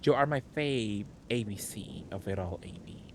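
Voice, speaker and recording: A man's voice: fairly low pitch, lively intonation, normal speed, slight background noise. Chatty male streamer greeting chat. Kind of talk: casual live gameplay commentary.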